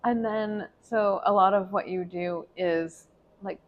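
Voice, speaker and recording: A woman hosting an interview, encouraging and supportive, quick to commiserate with her guest. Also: mid-range voice, fairly even intonation, lo-fi sound. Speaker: host. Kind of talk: casual interview chat.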